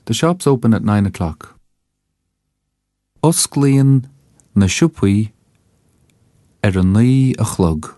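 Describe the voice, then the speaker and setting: A man with an Irish accent narrating a scripted language lesson, saying each phrase slowly and carefully so listeners can repeat it. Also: fairly low pitch, expressive, warm tone, no echo, clean studio sound. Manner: slow, careful enunciation for repetition. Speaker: language teacher.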